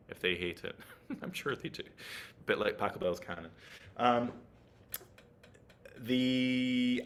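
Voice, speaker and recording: A man's voice: lowish voice, sharp tone. A man giving an online flute masterclass, explaining technique and checking in with his listeners as he goes. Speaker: flute teacher.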